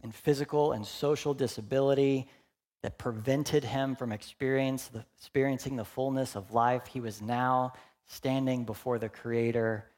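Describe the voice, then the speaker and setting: A young adult male pastor preaching a sermon, animated and humorous, then dropping to hushed, earnest asides. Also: mid-range voice, normal speed.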